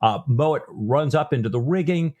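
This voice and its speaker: A man's voice: a little high, lively intonation, moderate pace, mellow. A man co-hosting a book podcast, talking casually with frequent fillers and restarts. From grew up Lutheran, not Norwegian-speaking. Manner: conversational, many fillers and restarts. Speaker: podcast co-host.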